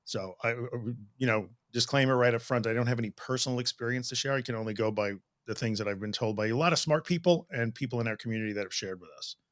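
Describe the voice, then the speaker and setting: Male co-host, brisk and joking, dry studio sound. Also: mid-range voice, dry recording. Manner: joking, playful. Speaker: podcast co-host. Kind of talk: casual podcast chat.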